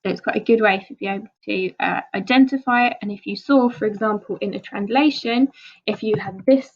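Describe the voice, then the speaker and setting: A woman's voice: mid-range voice, a little fast, lo-fi sound. A woman with an English accent, a language teacher explaining a lesson step by step over slides and checking in with "okay?".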